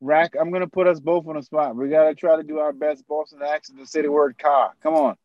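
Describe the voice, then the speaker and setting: A man's voice: on the high side, steady tone, fairly quick, no echo, muffled recording. A man hosting a podcast, playfully teasing and pushing his guests in casual chat. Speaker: podcast host.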